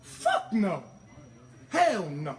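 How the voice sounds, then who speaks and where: A man's voice: sits high, huge pitch swings, drawn-out words. A man delivering an impassioned, profane monologue, emphatic and ranting, tripping over repeated words as he pushes his point.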